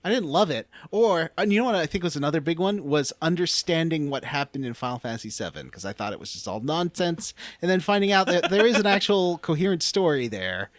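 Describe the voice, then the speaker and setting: A man co-hosting a gaming podcast, earnest and a little rambling. His voice sits slightly high and moves animatedly, heard close and dry. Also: big pitch swings, a little fast, few pauses, no room sound. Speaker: podcast co-host. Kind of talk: casual podcast chat.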